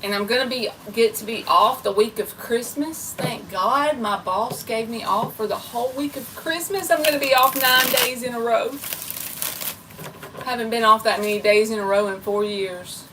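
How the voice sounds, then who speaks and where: A woman's voice: a little high, normal speed, recorded from a distance, noisy background. A woman tarot reader chatting casually and rambling on a live stream, talking straight to her viewers. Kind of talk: casual livestream chat.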